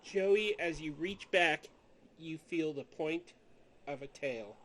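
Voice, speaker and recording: Slow, halting man running a game. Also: fairly high pitch, fairly bright tone. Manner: slow, halting descriptions with restarts. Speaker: game master. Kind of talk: narrating a tabletop game over a video call. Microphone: home microphone on a video call.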